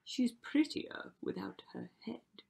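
A woman's voice: takes it slowly, darkish tone, close to an everyday voice. A woman voicing a bad-tempered, bloodthirsty young prince in a storybook reading, with a brusque, barking manner.

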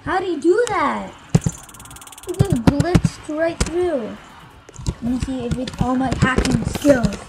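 A woman giving casual gameplay commentary, excitable and quick to protest out loud. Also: high voice, heavy background noise. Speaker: gamer.

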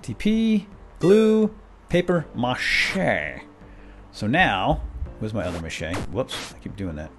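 Excitable man with a lively voice. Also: fairly low pitch, slow pace, faint music behind. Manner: excitable, chatty, talks to game characters, gasps and laughs. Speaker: let's play host. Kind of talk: gameplay commentary.

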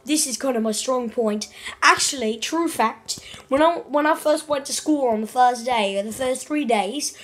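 Brief: girl doing a chirpy put-on Australian accent, high voice, chatty storyteller. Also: moderate pace, close to an everyday voice. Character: cheerful young woman with a put-on Australian accent.

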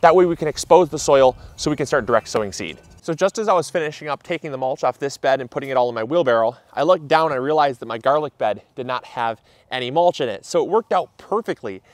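A man hosting a gardening vlog, talking outdoors in an upbeat, chatty way and often pausing on fillers. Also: medium pitch, animated, no room sound. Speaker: gardening channel host. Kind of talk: casual instructional vlog.

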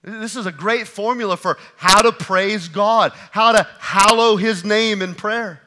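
A man preaching a sermon from the pulpit, his voice pitched high and bright. He drives points home with loud bursts, then sinks to hushed, quiet lines. It is the steady, emphatic cadence of a church pastor. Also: unhurried. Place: church sanctuary.

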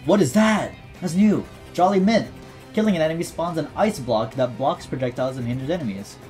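A man's voice: fairly high pitch, lively intonation, brisk, darkish tone, faint music behind. A man giving casual, jokey commentary over his gameplay, reading item descriptions aloud and talking back to the game's character. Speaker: gaming YouTuber.

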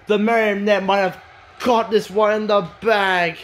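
Wrestling caller with a very high male voice, excitable, shouts and swears. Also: unhurried, faint music behind. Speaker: wrestling commentator. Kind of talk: excited play-by-play commentary.

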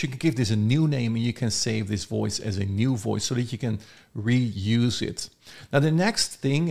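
A man casually demonstrating software, chatty and thinking aloud. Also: mid-range voice, vocal fry. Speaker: software reviewer. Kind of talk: casual screen-recorded tutorial.

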